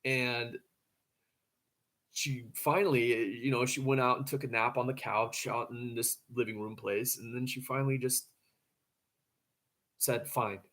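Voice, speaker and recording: A man's voice: medium pitch, steady tone, measured pace, pauses often, fairly bright tone. A man casually telling a story to camera, rambling, with frequent stammering restarts.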